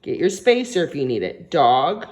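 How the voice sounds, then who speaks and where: A woman teacher giving a recorded phonics lesson to young children, dictating words and sentences slowly and patiently with plenty of encouragement. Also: low voice, very animated, a little mellow.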